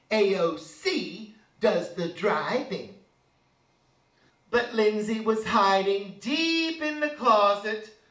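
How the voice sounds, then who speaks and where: Brief: a campy male drag performer reciting satirical rhyming verse slowly, from a distance. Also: sits high, fairly bright tone. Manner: campy, mocking storyteller delivery. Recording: echoey room, voice from a distance.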